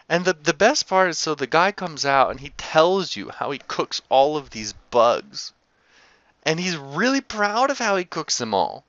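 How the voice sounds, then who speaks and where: A man telling a food travel story to camera in a casual, animated, profane way that is often broken by laughter. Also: fairly high pitch, unhurried, dry recording. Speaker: travel vlogger. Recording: slightly dull lo-fi sound.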